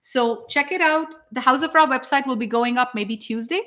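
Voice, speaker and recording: A woman's voice: high-pitched, normal speed, pushed and bright. A woman hosting a live spiritual broadcast, talking in an enthusiastic, emphatic, preachy way. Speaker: spiritual channel host.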